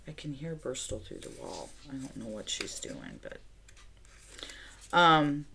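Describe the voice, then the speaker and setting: Chatty low-voiced woman telling a story. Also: a little slow, gravelly, slight background noise. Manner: chatty, animated storyteller who talks to herself while decorating. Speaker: planner vlogger. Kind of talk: casual storytelling while planning. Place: home.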